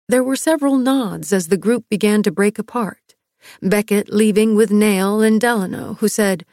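A woman reads an audiobook in a measured, expressive way. Her voice sits in a middle pitch, and the recording is close and dry. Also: no room sound. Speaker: narrator. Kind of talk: audiobook narration.

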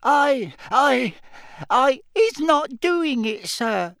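A man voicing a terrified, squeaky female house-elf servant who squeals and stammers as she pleads. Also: big pitch swings, drawn-out words, vocal fry, fairly bright tone, clear, resonant tone, dry recording, studio quality, exaggerated voice. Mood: pleading. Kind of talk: audiobook character voice.

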